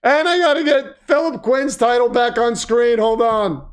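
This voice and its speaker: A man hosting a casual livestream, chatting and commentating, flustered at times and prone to excited outbursts. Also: very high voice, measured pace, few pauses, clear, resonant tone. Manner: flustered, self-deprecating, breaks into excited shouts. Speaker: livestream host.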